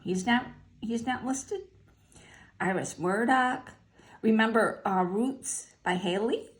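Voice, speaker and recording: An older woman talking casually, listing her favorite books in an unhurried way with fillers and short asides. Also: fairly high pitch. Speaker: vlogger sharing favorite books. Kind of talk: casual spoken list.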